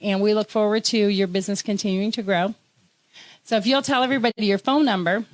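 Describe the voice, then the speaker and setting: A woman from Tennessee hosting a casual interview, chatty and quick to laugh. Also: medium pitch, steady tone, dry recording. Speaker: host.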